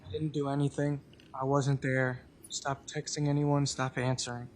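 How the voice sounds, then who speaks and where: A man's voice: mid-range voice, level tone, moderate pace, a little hiss or hum. A young man testifying as a defendant in a courtroom, giving terse, subdued answers. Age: young adult. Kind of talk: witness testimony.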